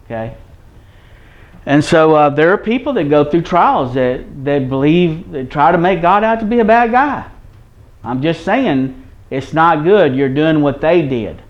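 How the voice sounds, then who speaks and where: A man's voice: fairly high pitch, animated, a little slow. A man preaching a sermon, reading scripture in old wording and explaining it in plain, folksy talk straight to his listeners. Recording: dull lo-fi recording.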